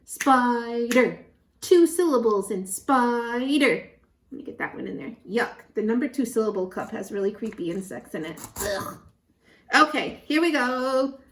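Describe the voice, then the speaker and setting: Brief: female pre-K teacher, slightly high voice, very slow deliberate pacing, echoey room. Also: slight background noise. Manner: animated and encouraging, counting syllables slowly. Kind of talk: children's lesson.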